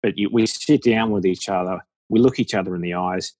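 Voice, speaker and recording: A man's voice: deep voice, brisk, a little mellow, no echo. A man with an Australian accent talking as a deacon guest in a frank, jokey podcast chat, laughing often. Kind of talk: casual podcast conversation.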